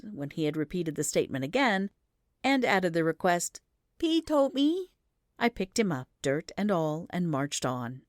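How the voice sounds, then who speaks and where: Narrating an audiobook, this woman keeps a measured, even storytelling pace in a lowish voice. The sound is clean studio audio with no room tone.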